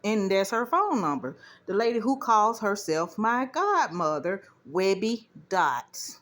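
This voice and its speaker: A woman vlogger at home doing laundry, telling a story casually to her viewers in an indignant, animated way. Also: mid-range voice, takes it slowly. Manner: indignant, animated retelling with quoted dialogue.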